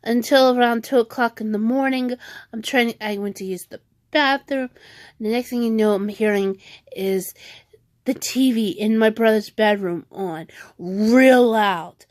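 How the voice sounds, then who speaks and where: A woman's voice: fairly high pitch, unhurried, dry recording. A woman vlogger ranting at home in a rambling, frustrated way, often restarting her sentences. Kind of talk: venting rant vlog.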